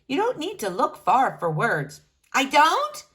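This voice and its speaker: A woman voicing a patient storybook friend who loves quiet and keeps shushing. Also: high-pitched, wildly swooping pitch, measured pace, voice pushed up, heavily acted. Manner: firm, shushing, exasperated.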